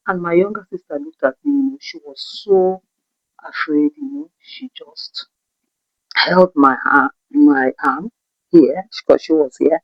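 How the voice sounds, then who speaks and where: A Nigerian woman telling a personal story in an animated way, acting out the voices of the people in it. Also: on the low side, measured pace, dry recording. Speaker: vlogger. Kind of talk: storytime narration. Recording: dull, dry recording.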